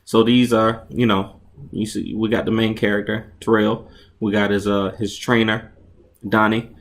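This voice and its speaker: A man's voice: fairly low pitch, flat delivery, normal speed. A man casually narrating and explaining his own comic book, chatty and enthusiastic, often restarting his sentences and acting out sound effects.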